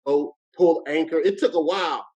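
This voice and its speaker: A man's voice: a little high, moderate pace, a little mellow, slightly rough, muffled recording. A middle-aged man from New Jersey, a guest comedian telling a story in casual chat with street slang.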